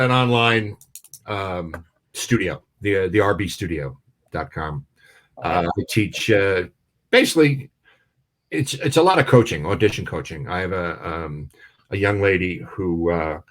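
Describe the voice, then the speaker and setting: A man's voice: sits low, fairly bright tone. A middle-aged man, a comedian telling a joke and chatting casually with many fillers. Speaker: comedian guest. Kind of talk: casual storytelling chat.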